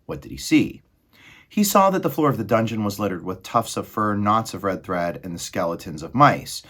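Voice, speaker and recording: A man reading a children's novel aloud in an expressive, dramatic way. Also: on the low side, moderate pace, husky. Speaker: storybook reader.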